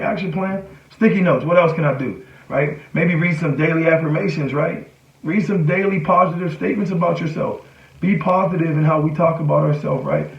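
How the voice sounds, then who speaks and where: A man giving a casual motivational talk, conversational and often checking in with "right?" and "you know". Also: a little high. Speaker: motivational speaker. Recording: echoey room, distant mic, dull sound.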